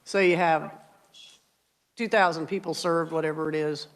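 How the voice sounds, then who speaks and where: A woman's voice: deep voice, fairly even intonation, normal speed. Woman chairing a committee hearing.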